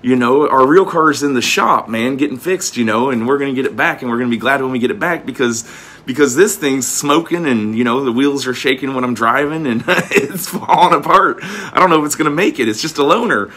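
In a casual sermon, a man of medium pitch speaks fairly quickly with a fairly bright tone. He reads archaic scripture aloud, then breaks it down in homespun language, repeating words as he goes.

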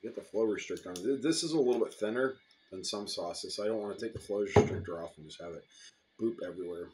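A man's voice: on the low side, quick pace, a little hiss or hum. A man casually reviewing hot sauce, rambling between bites and sips. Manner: relaxed, rambling, eating and sipping while talking.

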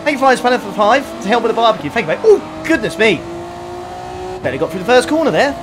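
A man's voice: very high-pitched, animated, noisy background. A man giving casual, self-mocking commentary while live-streaming a racing game. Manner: chatty, self-mocking, quick to laugh.

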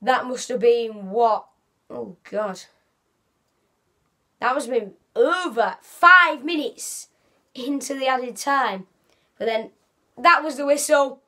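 A woman's voice: fairly high pitch, slow, long pauses, bright, forceful tone. A woman giving a casual, rambling football match reaction as a fan vlogger, often correcting herself.

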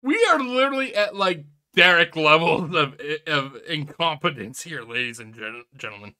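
Lively, bright-voiced man mocking a clip. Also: fairly high pitch, moderate pace, clear, resonant tone. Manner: laughing often, mocking, profane, addressing viewers as ladies and gentlemen. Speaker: host reacting to a video. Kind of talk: casual reaction commentary.

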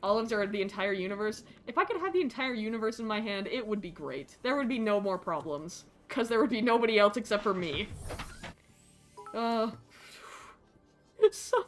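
A woman streaming a game live, chatting excitably, greeting creatures with squeals and swearing when frustrated. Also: medium pitch, normal speed, soft background music. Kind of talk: live gameplay stream chat.

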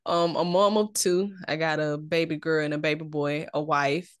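A woman from southwest Georgia introducing herself on a panel in an unhurried way. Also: deep voice, fairly even intonation, smooth, no echo, clean studio sound. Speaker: panelist, writer and podcaster.

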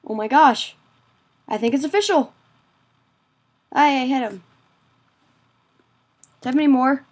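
A woman with a high voice talks through her gameplay in a casual, excitable way. She exclaims a lot and mocks herself, but she speaks at an unhurried pace. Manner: excitable, exclaiming, self-mocking. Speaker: gaming video creator.

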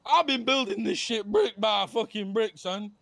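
A man doing a furious high-voiced crew boss. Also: moderate pace, gravelly, fairly bright tone, no room sound. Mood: ranting. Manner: ranting, sweary, mocking. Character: hot-headed young male crew boss. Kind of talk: GTA role-play voice chat.

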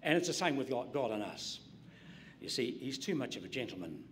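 A man preaching a sermon in an emphatic style, dropping to hushed whispers to stress a point. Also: medium pitch, big pitch swings, fairly quick, slight background noise.

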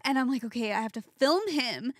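A woman's voice: sits high, lively intonation, a little fast, dry recording, clean studio sound. A young woman chatting as a podcast guest, telling stories in a chatty way full of "like". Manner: chatty, storytelling with lots of "like". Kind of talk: casual chat.

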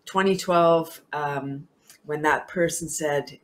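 A woman's voice: low-pitched, fairly even intonation, measured pace, a little hiss or hum. A woman guest on a talk show, speaking with bubbly enthusiasm, laughing often and repeating herself for emphasis.

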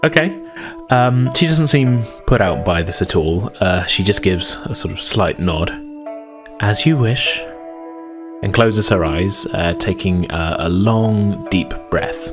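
Man game master, low voice, casual halting narration, background music. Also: expressive. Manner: casual, many uh fillers, easygoing.

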